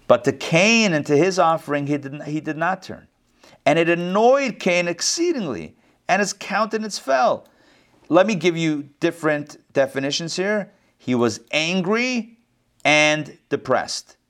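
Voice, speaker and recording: A middle-aged man giving a conversational Torah lesson. He jokes often, repeats words as he goes, and adds chatty asides. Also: fairly high pitch. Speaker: rabbi teaching Torah class.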